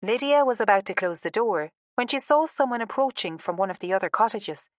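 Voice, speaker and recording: A woman narrating a romance audiobook in a calm, even storytelling manner. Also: mid-range voice, brisk, no echo, clean studio sound. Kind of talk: scripted narration.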